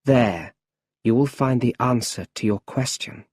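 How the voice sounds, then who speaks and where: A man doing a stern, measured mentor. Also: medium pitch, a little mellow, slightly rough, no room sound, clean studio sound. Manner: measured, commanding. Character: stern mysterious male mentor.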